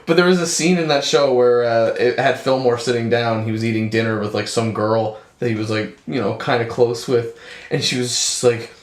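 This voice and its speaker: A young man co-hosting a podcast, swearing freely and telling stories with animated energy. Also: medium pitch, normal speed, reverberant. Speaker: podcast co-host. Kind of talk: casual chat.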